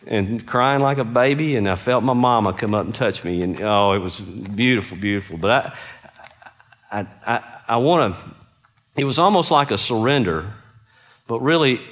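A man's voice: fairly low pitch, lively intonation, a little slow, fairly bright tone. A middle-aged man preaching a conversational sermon, telling stories and putting earnest questions to his listeners. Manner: earnest, storytelling, asks the audience questions.

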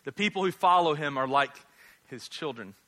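Guy pastor in his 30s, joking around mid sermon, bright cutting voice, slightly high. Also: animated, moderate pace. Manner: joking, conversational, rhetorical tag questions. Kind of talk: casual humorous sermon.

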